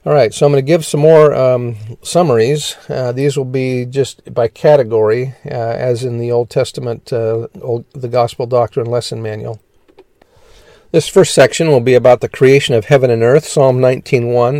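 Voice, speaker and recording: A man's voice: medium pitch, fairly even intonation, normal speed, mellow, dry recording. A man teaching a scripture lesson, reading verses aloud one after another and often stumbling and correcting himself. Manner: reads verses plainly, stumbling and self-correcting.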